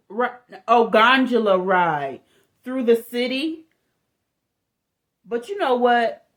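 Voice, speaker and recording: Slow, chatty woman recapping reality TV. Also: lowish voice. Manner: chatty and candid, says she is sensitive. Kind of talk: casual recap commentary.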